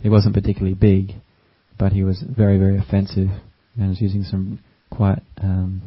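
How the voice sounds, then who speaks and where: A man giving a gentle, unhurried dharma talk as a meditation teacher, with frequent ums and uhs. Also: low-pitched, completely flat delivery, breathy edge. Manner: gentle, unhurried, with many fillers. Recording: dull lo-fi recording.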